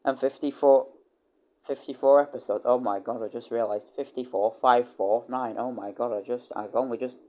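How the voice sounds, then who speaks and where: A man's voice: normal speed, highs cut off. A man livestreaming in a casual rambling chat. He swears freely and keeps stopping and restarting his sentences. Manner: rambling, full of restarts and repeated words; animated, with loud excited jumps in pitch.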